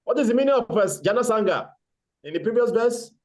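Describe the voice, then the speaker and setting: In a temple hall, a man gives a scripture class lecture, quizzing his students and repeating key words for emphasis. His voice is extremely high, animated, quick, and a little mellow. The recording carries the echo of the hall.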